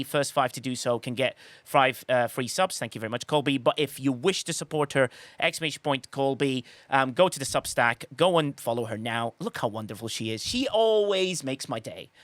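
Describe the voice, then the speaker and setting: A man hosting a casual live-stream chat, effusive and quick to laugh. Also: mid-range voice, a bit bright, dry recording. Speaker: podcast host.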